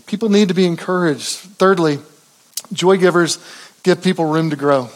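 A pastor preaching a sermon in an earnest, conversational way, with frequent restarts. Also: male voice, high-pitched, normal speed.

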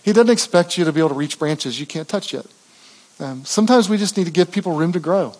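A pastor preaching a sermon in an earnest, conversational way, with frequent restarts. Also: male voice, on the high side, lively intonation, fast, a little mellow.

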